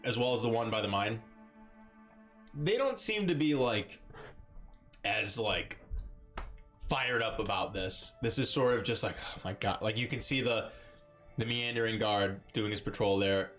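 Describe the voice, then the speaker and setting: A man's voice: fairly low pitch, measured pace, pauses often, a bit bright, soft background music. A man narrating as dungeon master of a live-streamed tabletop game, playful and rambling, often breaking into laughter.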